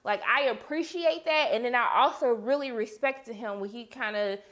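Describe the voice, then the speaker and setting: Young woman reviewer, high-pitched and expressive, chatty vlog delivery. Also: normal speed. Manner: animated, talks straight to the viewers and the characters; quotes characters with sudden high-pitched outbursts. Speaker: TV episode reviewer.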